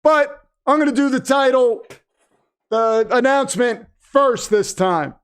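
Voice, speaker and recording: Excitable man hosting a live stream. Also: extremely high pitch, unhurried, smooth. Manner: excitable, breaks into wrestling-announcer shouts. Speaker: livestream host. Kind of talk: live watch-party commentary.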